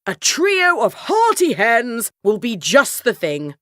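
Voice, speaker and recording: A woman's voice: on the high side, huge pitch swings, takes it slowly, no echo, clean studio sound, full character voice. A woman playing a hearty storybook king. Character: jolly, generous old king, grand and eager. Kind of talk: storybook character voice.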